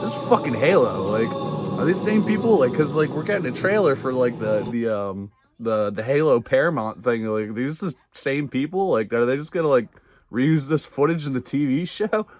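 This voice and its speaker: This video reviewer talks a little fast in a mid-range voice, with soft music playing behind him. He loosely recaps a TV episode, full of filler words and profanity, and keeps laughing along as he goes.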